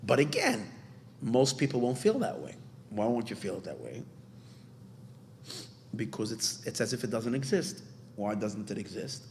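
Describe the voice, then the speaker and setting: A man's voice: lowish voice, slight background noise. A man, a rabbi, teaching a Torah class in an earnest explaining manner, often restarting his phrases and mixing in Hebrew terms. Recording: long hall reverb.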